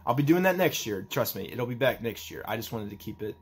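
A young man talking in a personal vlog, halting and emotional as he tries not to cry, with a faint hiss behind him. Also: medium pitch, big pitch swings, slightly rough. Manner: halting, emotional, restarts often. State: holding back tears. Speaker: vlogger.

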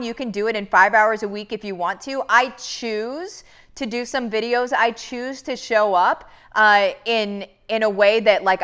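A woman's voice: medium pitch, a bit bright, clear, resonant tone. A woman business coach giving an earnest motivational talk to her audience, often calling them "you guys" and restarting her sentences as she goes. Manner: rambling with many restarts.

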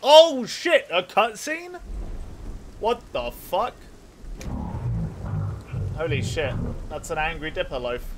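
A man's voice: high voice, lively intonation, slow, long pauses, a little hiss or hum. A young man with a nasal voice streaming a video game, chatting casually with his chat, swearing freely and rambling while he plays. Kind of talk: casual let's play commentary with chat.

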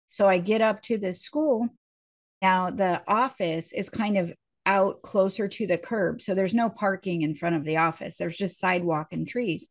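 A woman's voice: medium pitch, moderate pace. A woman minister telling a personal story during a sermon, in a conversational way and acting out the voices of the people in it.

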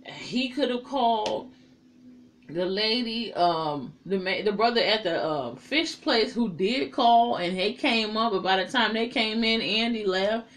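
Animated, profane woman reviewer. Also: medium pitch, measured pace, a little hiss or hum. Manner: animated, profane, talks back to characters. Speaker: TV episode reviewer. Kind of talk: casual recap and commentary.

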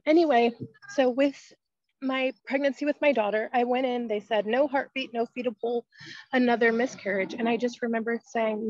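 A woman's voice: fairly high pitch, creaky, a little mellow, dry recording, highs cut off. A woman giving a fervent, emotional testimony and prayer over a video call. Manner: fervent, emotional, praying aloud. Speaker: prayer group participant.

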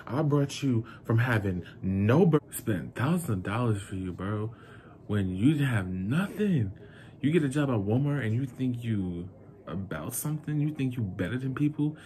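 A young man from New York gives an emotional, indignant breakup rant aimed right at the listener. His mid-range voice is mellow with lively intonation at normal speed, and there's a faint hiss or hum.

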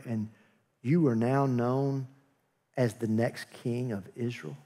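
A man's voice: mid-range voice, dark tone. A man preaching a sermon as pastor, telling a story with acted-out dialogue and joking asides.

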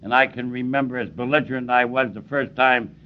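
A man's voice: medium pitch, steady tone, brisk. Emphatic older man, dull tape. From Cleveland, US. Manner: emphatic, plainspoken, repeats for stress. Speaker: AA speaker. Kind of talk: recovery meeting talk.

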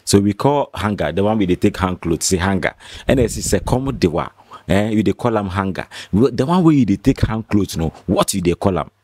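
A man, excitedly commenting on a diss track and breaking into laughs and exclamations. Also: lowish voice, fairly quick, no room sound. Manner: excitable, pidgin-laced, laughing interjections. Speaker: reaction host. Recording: rap track playing loudly behind.

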